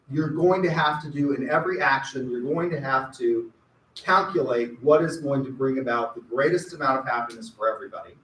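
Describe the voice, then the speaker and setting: A man's voice: medium pitch, a bit bright. A male college lecturer giving a conversational classroom lecture with wry, rambling asides. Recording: echoey classroom from far off, faint hiss.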